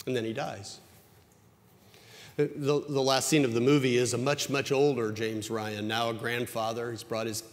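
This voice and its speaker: Man preaching in an echoing church. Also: slight background noise. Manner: conversational preaching, rising in pitch when stressing a point. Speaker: pastor. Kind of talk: sermon. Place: church sanctuary. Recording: church hall with long reverb.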